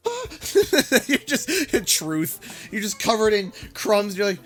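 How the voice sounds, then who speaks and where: A man from Canada chats casually on his game livestream, ranting with jokes. His pitch swings widely as he talks. Faint music plays behind him. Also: slow. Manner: animated ranting, jokey. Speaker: gaming livestream host. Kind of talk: casual chat.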